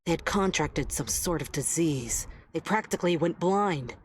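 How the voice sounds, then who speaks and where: An actress playing a worldly hotel maid who gossips knowingly to a new coworker in a video game. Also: female voice, low voice, lively intonation, moderate pace, a little hiss or hum. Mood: gossipy. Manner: gossipy, knowing, drops to confiding tones.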